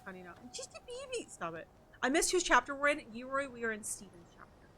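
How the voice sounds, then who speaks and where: A woman's voice: a little high, big pitch swings, fast talker, pushed and bright. A woman streamer chatting playfully with her viewers while playing a game and answering their messages. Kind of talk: casual chat while playing.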